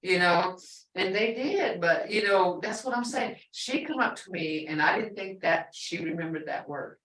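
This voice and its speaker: A woman's voice: lowish voice, animated, moderate pace, a bit bright, reverberant, far from the mic, low-quality recording. An older woman teaching a language class, chatty and storytelling, repeating words for emphasis.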